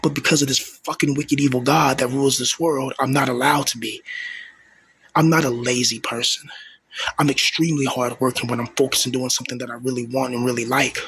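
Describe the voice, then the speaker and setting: Very raspy-voiced man in his thirties. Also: medium pitch, little pitch movement, a little fast, a bit bright. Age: 30s. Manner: rambling, repeats words and stumbles; coarse, profane street talk. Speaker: vlogger. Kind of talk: venting monologue to camera.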